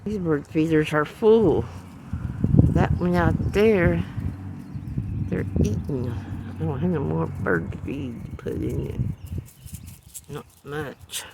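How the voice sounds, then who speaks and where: A man vlogging casually outdoors at his bird feeders, rambling quietly to viewers on a phone camera. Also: a little high, slow pace, vocal fry, pauses often. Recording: outdoor birdsong and ambient noise.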